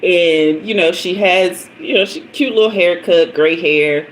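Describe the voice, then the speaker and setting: A woman's voice: fairly low pitch, a little slow, a little hiss or hum, low-quality recording. A middle-aged woman, hosting a casual livestream as a tarot reader, chatting and telling stories with frequent laughter. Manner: chatty storyteller, laughs often, greets commenters by name. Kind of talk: casual live-stream chat.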